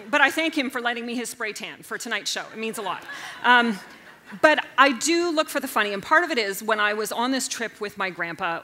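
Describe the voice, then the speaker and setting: A woman in her forties telling comedic stories on stage, animated and self-mocking, jumping into loud character voices. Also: a little high. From Canada. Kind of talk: stand-up storytelling talk. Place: stage at a live event.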